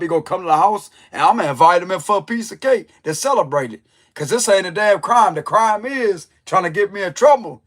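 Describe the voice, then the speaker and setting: A man's voice: sits high, expressive, a little fast, fairly bright tone. A man who reads tarot, telling a story in a loose, joking way full of slang. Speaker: tarot reader. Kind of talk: casual storytelling chat.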